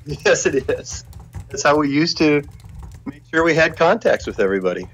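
An older man, a former business executive, recalling his career in a relaxed interview, full of anecdotes, repeated words and restarts. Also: a little high, normal speed, muffled recording. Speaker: guest, former video game executive.

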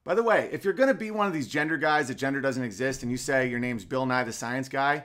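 A man's voice: medium pitch, quick pace, fairly bright tone. A middle-aged man hosting a casual comedic podcast, firing off sarcastic rhetorical questions. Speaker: podcast host.

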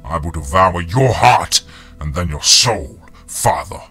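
A man voicing a huge, mocking male werewolf spawn with a raspy, gravelly voice, speaking slowly and tauntingly in an audiobook. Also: deep voice, expressive, over music, voice pushed down. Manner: slow, taunting. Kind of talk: audiobook character voice.

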